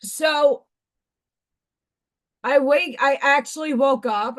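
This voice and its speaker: A woman in her forties hosting a livestream, her voice hoarse and partly gone, venting bluntly and profanely with exasperation. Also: high-pitched, slow, long pauses. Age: 40s. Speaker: livestream host. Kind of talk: casual venting livestream chat.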